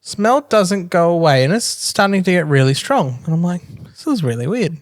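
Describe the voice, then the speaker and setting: Dry-witted dad podcaster. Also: male voice, sits high, lively intonation, moderate pace, no room sound. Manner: dry, teasing banter. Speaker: podcast co-host. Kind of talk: casual chat.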